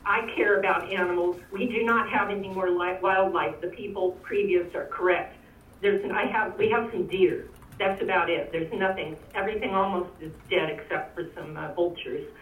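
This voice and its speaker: A woman's voice: mid-range voice, steady tone, normal speed, a little hiss or hum. A woman speaks at a public meeting, emotional and pleading as she makes her comment. Her voice comes through thin and phone-like. It sounds far from the mic in an echoey room.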